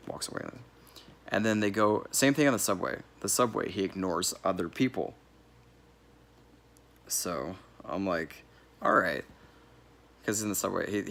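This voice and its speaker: A man's voice: sits low, moderate pace, creaky, a bit bright. A man giving a casual, rambling movie review, correcting himself as he goes and laughing here and there. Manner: laughs now and then while talking.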